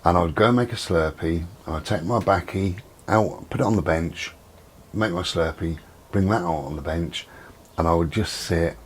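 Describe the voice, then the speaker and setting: A man's voice: deep voice, normal speed, slight background noise. A middle-aged man, chatting casually and rambling about his day at home. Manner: rambling, relaxed, chatty with many ums. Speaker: vlogger. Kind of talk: casual chat. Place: at home with door and window open.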